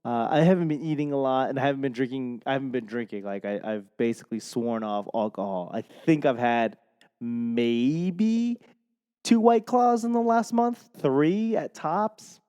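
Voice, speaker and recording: A man's voice: mid-range voice, normal speed, warm tone, smooth, in a large hall. A young man with a Boston accent, hosting a comedy podcast in a rambling, self-mocking monologue and swearing freely. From Boston, Massachusetts. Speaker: podcast host. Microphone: podcast microphone.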